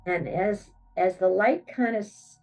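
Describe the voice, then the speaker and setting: A woman, perhaps older, giving a personal testimony, animated in her storytelling, jumping up in pitch when she acts out her own thoughts. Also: unhurried. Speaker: near-death experience storyteller. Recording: distant, dull sound with soft music bed.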